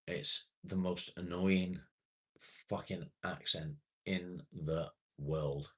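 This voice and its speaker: A man's voice: sits low, steady tone, slow pace, breathy edge. A British man chatting casually and rambling to viewers on a livestream, swearing now and then. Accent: British English. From England. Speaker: live streamer.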